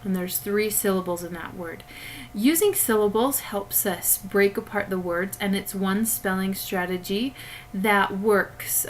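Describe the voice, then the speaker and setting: A woman's voice: mid-range voice, a little slow, slight background noise, low-quality recording. Patient teacher woman explaining to kids. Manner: patient, step-by-step instruction to children. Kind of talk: recorded classroom lesson. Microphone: webcam.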